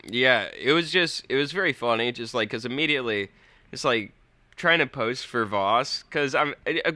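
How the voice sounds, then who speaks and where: A man's voice: medium pitch, bright, forceful tone, dry recording. A young man co-hosting a podcast, telling a rambling story in casual chat and swearing freely. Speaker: podcast co-host.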